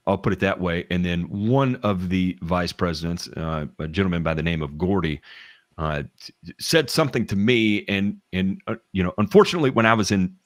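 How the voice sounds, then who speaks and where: Middle-aged Southern man, very deep, dry close mic, candid rambling storyteller. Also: no room sound. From American South. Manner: rambling, frequent restarts and fillers, candid with swearing. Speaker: podcast guest telling work stories. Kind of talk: casual chat.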